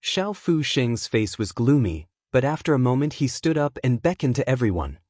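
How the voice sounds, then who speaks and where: A man narrating a fantasy audiobook in an even, steady reading. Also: medium pitch, moderate pace, dry recording, studio quality. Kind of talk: scripted narration.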